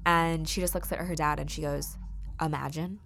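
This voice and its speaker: Her voice deep, creaky, and steady, a young woman talks a little fast as the solo host of a casual podcast. She spins stories warmly and chattily, laughing and saying "um" a lot.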